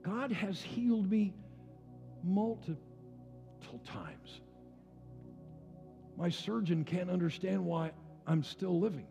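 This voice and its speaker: A man in his sixties, a pastor, preaching with passionate rising declarations and quieter storytelling. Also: high voice, takes it slowly, gravelly, pauses often. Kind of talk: sermon. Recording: long hall reverb with faint music.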